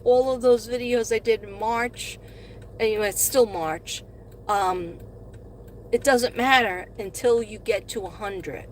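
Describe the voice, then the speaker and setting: A woman's voice: fairly high pitch, slight background noise. Chatty middle-aged woman streaming from a car. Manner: chatty, rambling, gushes when thanking viewers. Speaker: live-stream host and astrology reader. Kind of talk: casual live-stream chat. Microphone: phone.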